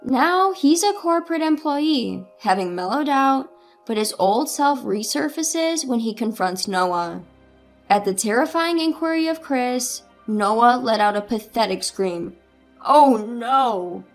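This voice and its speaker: Female narrator for a drama story, steady delivery, slightly high, soft music under. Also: unhurried.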